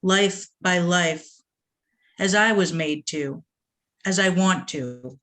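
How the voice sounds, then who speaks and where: A woman from the Boston area reading her poems aloud at a poetry event, with a measured delivery and short asides to the audience. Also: lowish voice, a bit bright. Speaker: poet reading her work.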